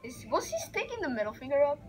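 A woman giving excitable let's-play commentary, reacting loudly and narrating the action on screen. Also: high-pitched, quick pace, slight background noise, rough recording. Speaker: gaming video creator.

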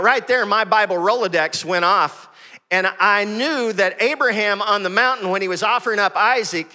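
A man's voice: sits high, long reverb tail. A man preaching a sermon as pastor, reading scripture and calling on the congregation. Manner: energetic preaching, reads scripture aloud. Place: church sanctuary with congregation.

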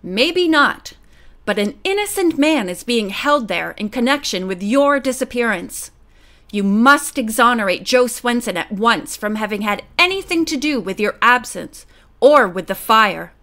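A woman's voice: fairly high pitch, animated, a little slow, fairly bright tone. A woman voicing a firm, commanding middle-aged father who speaks tersely.

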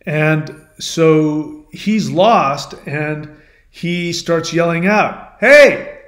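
A man with a fairly high voice tells an old myth as a lesson, chatty and explanatory. He turns often to the listener to draw out the point. His voice rings in a roomy, echoing space. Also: extremely slow. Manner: conversational, explanatory asides to the listener. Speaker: channel host. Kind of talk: storytelling, retelling a myth as a lesson. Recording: roomy echo.

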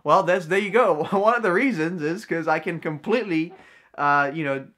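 A man's voice: fairly high pitch, normal speed, a bit bright. A young man, a vlogger and card magician, telling a story casually to camera with lots of slang and fillers. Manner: slangy, full of fillers and "bro".

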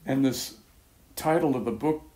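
An older man giving a casual spoken testimony to a small church group, rambling and halting with many restarts and soft chuckles. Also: mid-range voice. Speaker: speaker at a church gathering.

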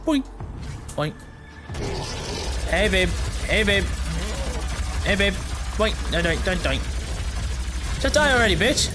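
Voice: medium pitch, sing-song, slow pace, pauses often. A gamer giving let's play commentary, joking, swearing freely and talking back at the enemies on screen. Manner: joking, talks to the enemies and the game. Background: game music.

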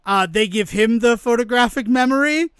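A man co-hosting a podcast in casual chat, animated, laughing often and acting out quoted exchanges. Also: very high voice, moderate pace, clear, resonant tone, dry recording, clean studio sound. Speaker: podcast co-host.

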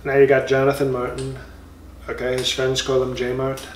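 A man's voice: medium pitch, monotone, normal speed, recorded from a distance, slight background noise, close to an everyday voice. A man doing a comic impression of a blustering former president in a boastful, rambling monologue full of insulting nicknames, recorded in a roomy space.

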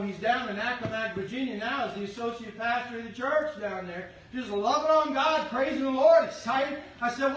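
A middle-aged man preaching a sermon as pastor, fervently shouting his exhortations to the congregation. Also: very high-pitched. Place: church sanctuary. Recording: echoey sanctuary from far off with faint hum.

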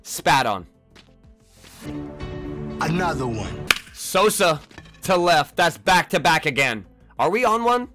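A young man, a gaming YouTuber, gives live trash-talking commentary on his own baseball video game, swinging between low mutters and sudden yells.

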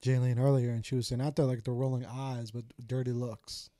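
Fast-talking man hosting a podcast. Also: mid-range voice, flat delivery, dark tone, dry recording, studio quality. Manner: quick, loose, slangy. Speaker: podcast host. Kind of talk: casual podcast chat.

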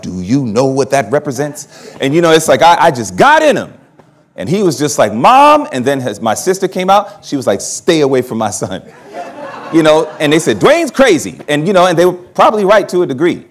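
A man pastor preaching a sermon, telling his own story with humor and laughing at himself. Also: medium pitch. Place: church hall at a camp meeting.

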